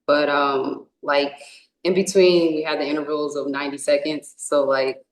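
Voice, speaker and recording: A woman's voice: deep voice, little pitch movement, moderate pace, echoey room, rough recording. A young woman from California, a wrestler, answering interview questions casually and rambling with many fillers and restarts. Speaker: indie wrestler.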